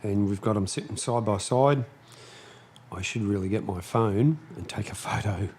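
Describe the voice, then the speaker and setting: A man hosting a casual live stream from his shed, chatting slowly and snapping commands at his dogs. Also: fairly low pitch, a little hiss or hum. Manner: slow, chatty, scolding his dogs in sharp bursts. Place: home workshop shed.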